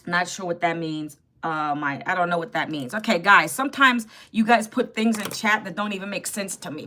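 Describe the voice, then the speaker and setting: Woman in her 50s doing a live stream on her phone, bright voice, chatty and a bit sassy with the chat. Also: medium pitch. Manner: chatty and sassy, greets viewers and answers chat. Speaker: livestream host.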